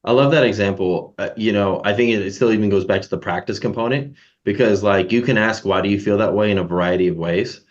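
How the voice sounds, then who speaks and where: A man's voice: on the low side, fast talker, few pauses, dull audio. A man in a podcast conversation, explaining his points and acting out tones of voice.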